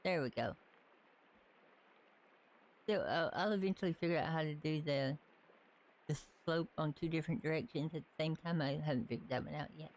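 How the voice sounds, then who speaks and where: A live-stream gamer with a softened Southern accent talks casually over the game, thinking out loud as they build. The pitch sits in a middling range, and the delivery stays relaxed and rambling. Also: normal speed, long pauses. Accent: light Southern US. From Southern United States. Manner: chatty, thinks aloud while building.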